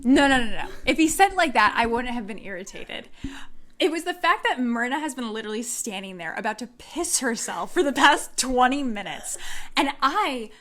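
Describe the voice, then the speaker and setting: Woman co-host, high voice, expressive casual storyteller. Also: normal speed. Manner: animated, expressive storytelling with lots of "like". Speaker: podcast co-host. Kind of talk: casual chat.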